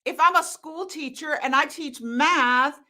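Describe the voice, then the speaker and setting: Her high-pitched voice moves at an unhurried pace. As a hormone coach running a live stream, this woman talks casually to viewers, laughing often and staying animated, blunt and emphatic.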